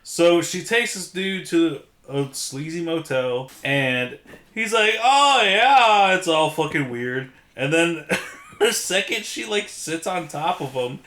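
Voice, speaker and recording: A man's voice: fairly high pitch, takes it slowly, echoey room. A young man casually recapping a movie over drinks with a friend, acting out the characters' lines. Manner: animated retelling with put-on character voices. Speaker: podcast co-host.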